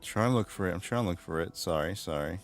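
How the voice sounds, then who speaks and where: A man's voice: sits low, fast, soft background music. A man streaming and chatting casually with his viewers, rambling, swearing, and laughing often. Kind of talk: casual livestream chat.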